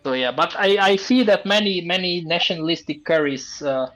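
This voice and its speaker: A man's voice: fairly high pitch, fairly quick, a bit bright, faint music behind, low-quality recording. A man hosting a casual live stream, chatting and joking with his guests. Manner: chatty, laughs often, jokes with guests. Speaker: stream host.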